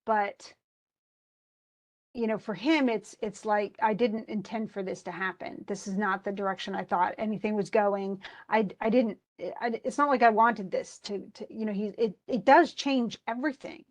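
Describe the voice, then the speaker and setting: A woman college English instructor talks through a short story in a loose, chatty lecture. She reads passages aloud and then comments on them, restarting her sentences and using plenty of fillers. Her voice sits at a medium pitch. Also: fairly even intonation, normal speed. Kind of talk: informal recorded lecture.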